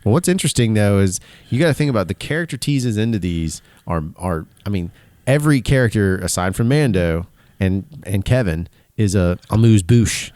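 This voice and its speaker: Podcast co-host, man whose pitch moves a lot, dry close sound. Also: fairly quick, no echo. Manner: expressive, explains his point at length. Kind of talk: casual chat.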